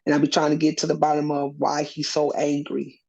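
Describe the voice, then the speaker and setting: A woman's voice: sits low, completely flat delivery, fairly quick, gravelly, warm tone. A woman being interviewed as a custodial parent, speaking earnestly in a rambling way with many fillers. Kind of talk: personal interview. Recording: dull lo-fi recording.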